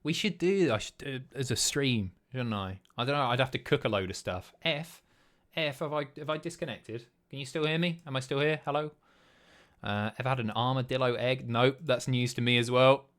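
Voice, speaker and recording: A man's voice: mid-range voice, a little fast, a bit bright. A man hosting a live stream, chatting casually, swearing and guessing aloud as he reads chat. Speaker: streamer host.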